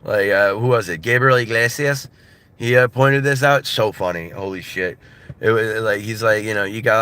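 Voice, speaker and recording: A man's voice: mid-range voice, moderate pace, pushed and bright, no echo. An American man in his thirties chatting casually on a live stream, rambling with lots of fillers and laughing as he mimics other voices. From United States. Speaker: livestreamer. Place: in a car.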